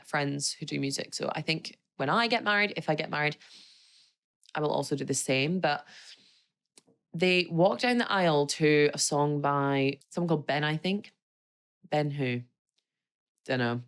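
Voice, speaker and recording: Woman, low voice, podcast host, casual solo chat, gushing, self-deprecating. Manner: chatty, gushing, self-mocking.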